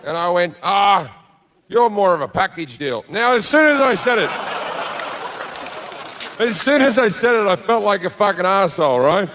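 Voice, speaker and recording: Crude Australian stand-up comic, high voice. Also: male voice, sing-song, normal speed, pauses often, a bit bright, slight background noise. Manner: crude, laid-back storytelling with acted-out quotes. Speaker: stand-up comedian. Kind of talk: stand-up comedy set. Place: large theatre stage with live audience.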